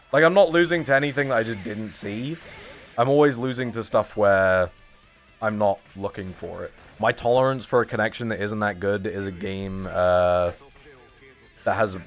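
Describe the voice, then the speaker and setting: A man in his twenties streaming a fighting game, chatting casually and joking at his own expense with his viewers. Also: fairly low pitch. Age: 20s. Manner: rambling, jokey and self-mocking, talking to chat.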